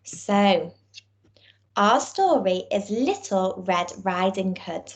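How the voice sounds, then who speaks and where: A woman teacher, giving a recorded lesson and reading a storybook aloud to young children in a clear, encouraging way. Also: medium pitch, slow pace. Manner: encouraging, clear and expressive, speaking to small children. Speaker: primary school teacher.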